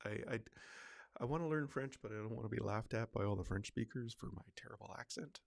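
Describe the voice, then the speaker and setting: Gravelly rambling male podcast host. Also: on the low side, fairly quick, no room sound. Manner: rambling, chatty, many fillers and restarts. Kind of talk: casual solo livecast chat.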